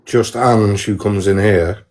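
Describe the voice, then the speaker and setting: A man speaking quietly and matter-of-factly on a live stream. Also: on the low side, steady tone, slow.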